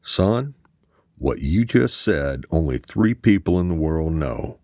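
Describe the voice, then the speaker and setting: Guy reading a cagey colonel, calm and measured, super deep voice, dry sound. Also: no room sound, exaggerated voice. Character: stern gruff male colonel, guarded.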